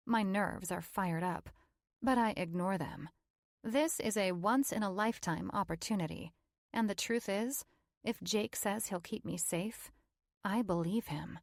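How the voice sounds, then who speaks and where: A woman's voice: mid-range voice, unhurried, dry recording, studio quality. A woman narrating a first-person romance audiobook in a wry, playful storytelling manner.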